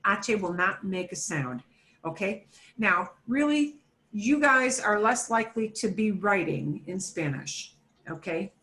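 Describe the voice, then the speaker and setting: A woman's voice: medium pitch, animated, unhurried, fairly bright tone, echoey room. A woman teaching an online Spanish class for beginners, patiently modelling words for students to repeat.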